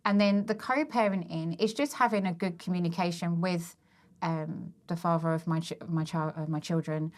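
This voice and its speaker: A woman in her thirties, a guest on a podcast, speaking candidly and thoughtfully in a relaxed chat. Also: fairly low pitch, moderate pace. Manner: candid and reflective, with many fillers and restarts. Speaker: guest, working mother and business owner. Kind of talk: casual chat.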